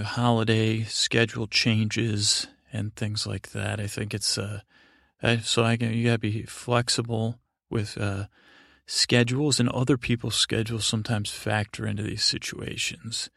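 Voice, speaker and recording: Flat-voiced man hosting a podcast. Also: fairly low pitch, creaky, no room sound, studio quality. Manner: halting and self-correcting, thanking listeners. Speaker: podcast host. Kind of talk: casual chat.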